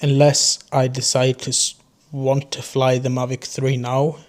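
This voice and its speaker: A man's voice: medium pitch, little pitch movement, a little slow. Rambling young man with a Geordie lilt. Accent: Geordie mixed with southern English. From North East England. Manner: rambling, loose, self-mocking. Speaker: drone vlogger. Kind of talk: casual unscripted chat to camera.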